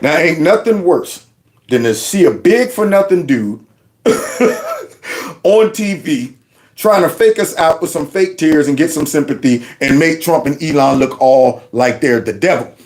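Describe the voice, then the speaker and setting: A man's voice: a little high, unhurried. A man hosting his channel, giving mocking reaction commentary on news clips. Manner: mocking, laughing, animated. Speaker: channel host.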